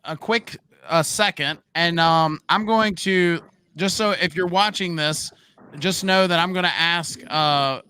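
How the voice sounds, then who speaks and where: A man hosting a live-streamed interview, relaxed and hesitant, who talks to the viewers in the chat. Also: fairly high pitch, unhurried, smooth. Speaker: interview host.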